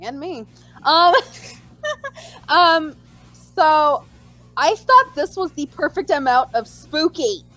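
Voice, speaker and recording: A woman co-hosting a casual chat, animated and acting out her own reactions in squeals. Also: high voice, slow, long pauses, faint music behind, rough recording. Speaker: podcast co-host.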